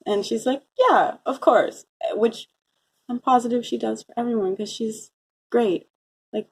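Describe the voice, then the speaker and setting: A young woman telling a rambling story in a casual vlog, full of "like" fillers and quick laughing asides. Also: a little high, breathy edge. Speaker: vlogger. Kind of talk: casual chat, recounting a dream. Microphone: phone.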